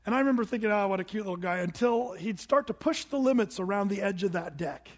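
High-voiced pastor preaching in a reverberant hall. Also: male voice, fast. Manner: animated storytelling, rising to shouts at the climax. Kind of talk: sermon. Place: church sanctuary.

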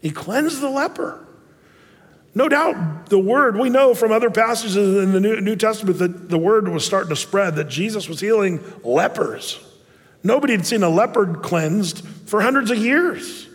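A man's voice: high voice, animated, moderate pace, long reverb tail. A man, a pastor giving a conversational sermon full of restarts and asides. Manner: conversational, digressive, with many restarts.

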